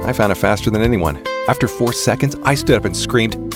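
A man reading a comic radio ad in a smug, deadpan manner. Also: lowish voice, a little fast. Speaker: ad announcer. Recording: music bed under the voice.

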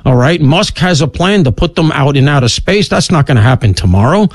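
A middle-aged man hosting a talk radio show, delivering an opinionated monologue with rapid asides and sudden swoops in pitch. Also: lively intonation, no echo. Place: radio studio.

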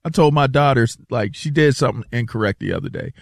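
Animated, rambling male radio co-host. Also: medium pitch, fast, creaky, dry recording, clean studio sound. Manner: rambling, animated storyteller who repeats himself. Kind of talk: casual sports radio banter. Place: radio studio.

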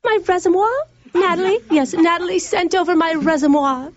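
A woman's voice: very high-pitched, normal speed. A woman voicing a phony, grandly formal English job applicant in a prank phone call, with a fake English accent. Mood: mock posh. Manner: stilted, grandly formal, giggly. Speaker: radio host.

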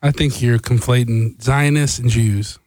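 A man co-hosting a talk show, chiming in briefly and calmly pushing back. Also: mid-range voice, measured pace, no room sound. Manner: calm, brief interjections that push back. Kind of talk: casual studio chat.

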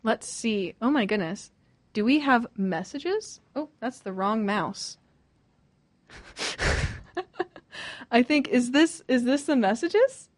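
A woman's voice: a little high, lively intonation, slow pace, long pauses, dry recording. A woman in her twenties hosting a radio show, chatting casually and giggling as she reads listener messages. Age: 20s. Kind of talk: casual storytelling chat.

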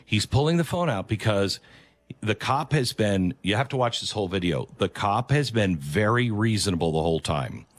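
A man's voice: fairly low pitch, lively intonation, normal speed, dry recording. Emphatic male commentary host. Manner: emphatic, moralizing, repeats key phrases. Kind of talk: opinion commentary over played clips.

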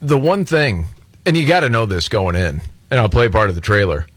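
A man hosting a talk show, jokey and sarcastic, with lively quips. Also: lowish voice, brisk, breathy edge, no room sound. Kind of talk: casual talk show chat.

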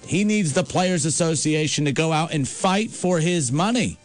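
A man hosting a sports talk radio show, ranting with animated, exasperated asides. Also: a little high.

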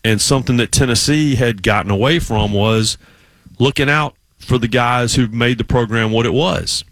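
A man's voice: medium pitch, moderate pace, a bit bright, no room sound. A middle-aged man hosting sports talk radio, telling a long story with many restarts. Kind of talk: casual sports radio chat.

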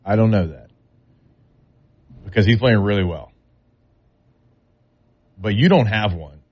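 A man's voice: on the low side, expressive, a little slow, breathy edge, muffled recording. A man talking football in a casual, drawling way, with loose everyday grammar, as a sports talk co-host.

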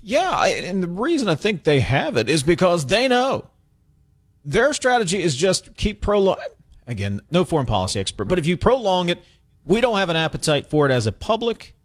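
A male talk radio host chats through the show in a loose, conversational way, his voice jumping lively up and down. He sits a touch high in pitch, and the studio sound is dry and close. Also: normal speed, no echo. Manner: conversational, self-interrupting.

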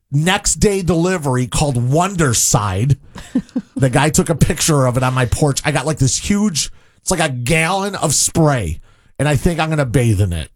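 Frantic man on morning radio. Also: a little high. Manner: excitable, frantic storytelling. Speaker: radio show co-host.

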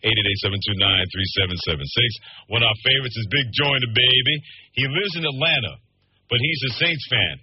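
Fast-talking husky sports radio host. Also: male voice, lowish voice, dry recording, highs cut off. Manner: brisk, reads plugs and phone numbers.

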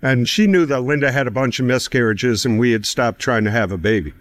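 Chatting through a personal story, a man in his fifties fills his casual testimony with "you know" and breaks into laughter between phrases. He speaks at medium pitch, a little fast, and there's no room sound.

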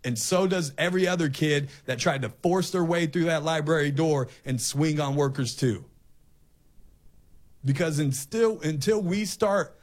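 A man's voice: on the high side, unhurried. A male talk show host delivering an impassioned, ranting opinion monologue, often repeating himself.

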